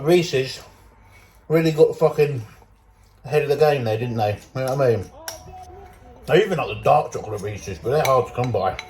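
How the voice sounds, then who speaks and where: A man's voice: mid-range voice, a little mellow. A young British man, a fitness coach, chatting casually and energetically through a day-in-the-life vlog, swearing freely as he goes.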